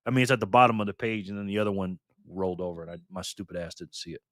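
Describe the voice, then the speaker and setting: A man's voice: low-pitched, very fast, a bit bright, no room sound. Older man, casual live-stream host, easygoing chatty delivery, dry close sound. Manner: laid-back, chatty, thanks viewers by name, swears casually.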